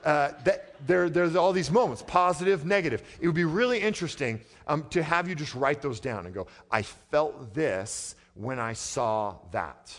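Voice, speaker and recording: A man preaching a sermon as pastor, talking in a conversational way and swinging from quiet, low passages to loud, emphatic ones. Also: lively intonation, moderate pace, hardly any pauses. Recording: long hall reverb.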